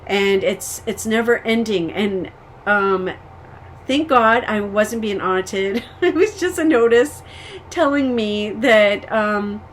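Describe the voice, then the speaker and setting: A woman's voice: fairly high pitch, slight background noise. A woman from the United States giving a casual personal update as a vlogger, venting frustrations candidly and rambling with frequent ums and restarts.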